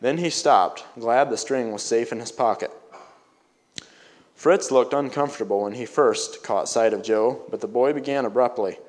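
A man reading an old-fashioned story aloud, now and then pausing to explain it in plain words. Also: mid-range voice. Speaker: story reader.

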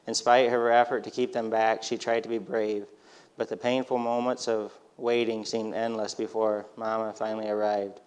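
A man reading a storybook aloud in a steady, gentle manner. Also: fairly low pitch, normal speed, clean tone.

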